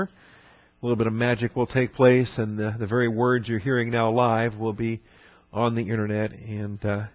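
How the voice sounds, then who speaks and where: A man's voice: medium pitch, no room sound, muffled recording. Folksy man teaching a Bible class. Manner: folksy, earnest, with many fillers and restarts.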